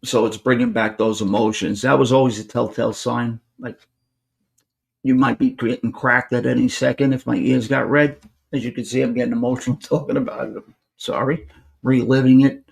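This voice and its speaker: Brief: gravelly New man, podcast host, spins a story and acts out every line of talk. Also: mid-range voice, brisk. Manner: animated storyteller acting out quoted dialogue. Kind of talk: casual storytelling.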